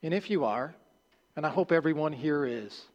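A male pastor preaching a sermon, earnest and halting, restarting phrases and dropping low at the ends of lines. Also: lively intonation. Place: church sanctuary. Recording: long hall reverb.

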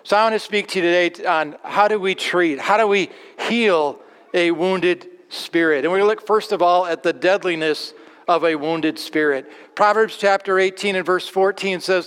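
A male pastor preaching a sermon in a church, earnest, repeating words and slowing on key phrases. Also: sits high, a bit bright, clean tone. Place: church sanctuary. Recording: long church reverb.

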